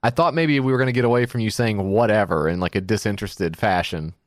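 A man's voice: fairly low pitch, fast, no room sound, clean studio sound. A middle-aged man co-hosting a podcast, rambling through stories and acting out quoted voices in casual chat. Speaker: podcast co-host.

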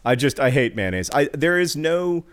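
A man's voice: on the high side, very animated, normal speed, smooth. A man co-hosting a podcast, chatting casually with wry, dry humor and a lot of "like" fillers. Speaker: podcast co-host. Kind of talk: casual chat.

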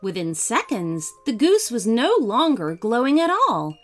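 Lively woman reading a bedtime story. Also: fairly high pitch, unhurried. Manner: gentle, animated voices for each character. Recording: faint music behind.

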